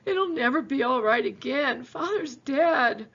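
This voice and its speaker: A woman's voice: sits high, lively intonation, unhurried, a bit bright, lo-fi sound, heavily acted. Woman reading as a frightened young boy, tearful and pleading.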